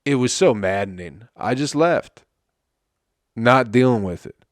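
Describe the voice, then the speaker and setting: A male comedian hosting a solo podcast, ranting in an exasperated, profane way with sudden loud outbursts. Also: mid-range voice, expressive, a little slow, dry recording, studio quality. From Flint, Michigan.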